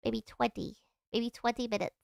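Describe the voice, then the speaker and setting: A woman's voice: a little high, level tone, moderate pace, gravelly, no echo, clean studio sound. A woman putting on a nasally Southern accent, as if she had a cold, while chatting on a live stream. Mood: playful. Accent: Southern US (put on). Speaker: livestream host. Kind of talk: casual live-stream chat.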